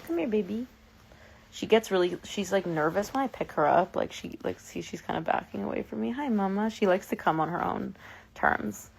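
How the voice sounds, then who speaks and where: A woman's voice: on the low side, fairly quick, gravelly, slight background noise. A woman in her twenties chatting casually with fans on a live stream from her phone, emotional and full of fillers and restarts. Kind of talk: casual livestream chat with fans.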